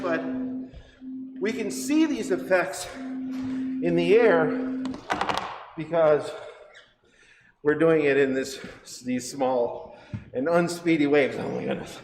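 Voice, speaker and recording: A man's voice: a little high, animated, slow, pauses often. A man teaching a livestreamed science demo in a chatty, rambling way, correcting himself and laughing often. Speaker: science center educator. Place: science center exhibit hall. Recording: echoey hall with faint noise.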